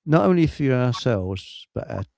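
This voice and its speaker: A man's voice: medium pitch, very animated, a little slow, creaky, darkish tone, no room sound, clean studio sound. An older man hosting a casual talk show, chatty and amused. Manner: chatty, laughs at his own jokes. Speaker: host.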